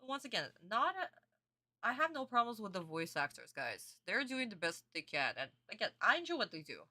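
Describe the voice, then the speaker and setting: A woman's voice: medium pitch, very animated, normal speed, bright, forceful tone. A young adult woman streamer chatting casually as she reacts to a cartoon episode, calling her viewers sweeties and honey and answering their comments. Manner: talks back to chat comments.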